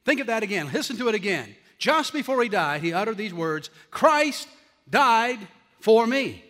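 A man with a high, bright, forceful voice preaches a sermon as pastor, pressing hard on his key phrases and slowing them almost to a crawl. His voice rings out with the long reverb of a large hall, like a church sanctuary. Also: sing-song.

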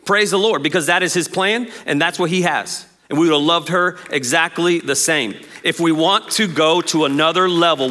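Pastor guy in his 30s preaching, jokey and lively, bright voice, acts out the lines. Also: a little high. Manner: animated, jokey, acts out quotes. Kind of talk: sermon.

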